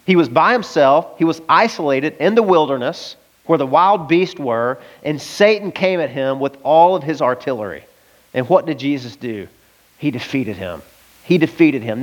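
A man from the American South preaching a lively, conversational sermon and often asking his listeners questions. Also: on the high side, low-quality recording.

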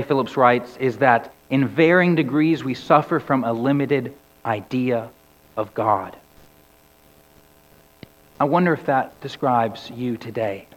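A man preaching a sermon. His delivery sinks low and soft on key words and climbs to loud cries when he quotes scripture. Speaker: pastor. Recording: dull recording with long hall reverb.

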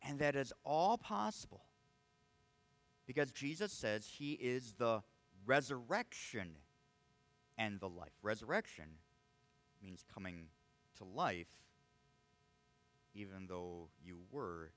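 A man's voice: lowish voice, expressive, slow, long pauses, a bit bright. A man preaching a sermon, earnest and emphatic, often restarting his words as he presses a point. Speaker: pastor.

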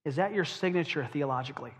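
A man preaching a sermon. He is emphatic, asks rhetorical questions, and slows down to stress key phrases. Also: fairly high pitch, breathy edge, long reverb tail.

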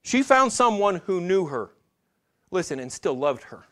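Pastor, male, slightly higher-pitched voice, earnest sermon delivery with frequent restarts. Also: sing-song, a little slow, a bit bright. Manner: earnest preaching with frequent restarts, addresses congregation directly.

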